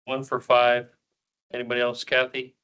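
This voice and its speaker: A man with a bright, forceful voice chairs a public board meeting. He moves briskly through a roll call of members and drops in self-deprecating asides. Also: mid-range voice, completely flat delivery, smooth, lo-fi sound. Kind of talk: meeting discussion.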